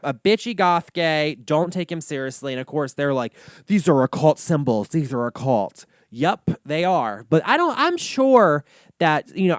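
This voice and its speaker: A man's voice: fairly high pitch, clean tone, dry recording, clean studio sound. A man hosting a comedy reaction monologue, ranting sassily and swearing often. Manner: sassy, animated ranting with frequent swearing. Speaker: host.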